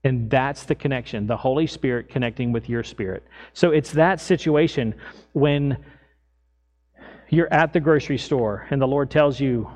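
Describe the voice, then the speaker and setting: A middle-aged man preaching as a pastor, telling everyday stories in a lively way and acting out his own lines. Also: mid-range voice, normal speed. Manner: animated storytelling, acts out his own lines loudly. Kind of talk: sermon with personal stories.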